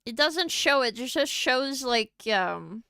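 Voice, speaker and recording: A woman's voice: sits high, animated, gravelly, bright, forceful tone, smooth, no echo, studio quality. A young woman from Norway, a native Norwegian speaker with a Norwegian accent, chatting casually and giggling on a livestream. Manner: chatty and giggly, quick asides. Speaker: streamer.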